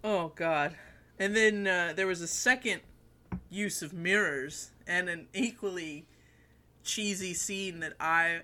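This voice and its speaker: A woman co-hosting a film podcast chats eagerly and often breaks into giggles. Her voice is bright and ringing. She acts out scenes as she talks. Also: lowish voice. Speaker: podcast co-host. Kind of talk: casual film review chat.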